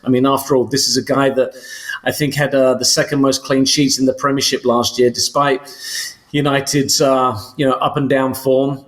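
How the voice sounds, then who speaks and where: A man's voice: medium pitch, level tone, moderate pace. An English man co-hosting a soccer podcast, talking casually with many fillers and restarts. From England. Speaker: co-host.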